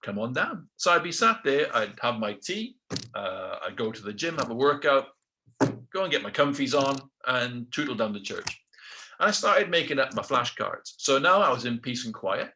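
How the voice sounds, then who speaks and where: A man's voice: mid-range voice, very animated, normal speed, bright, forceful tone, slight background noise. A middle-aged man with a British accent telling his own story casually, acting out quotes with self-deprecating asides. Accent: British English.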